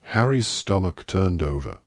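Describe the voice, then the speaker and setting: A man narrating an audiobook in a steady, even reading voice. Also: low-pitched, a little slow, no room sound, clean studio sound. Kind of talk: scripted narration.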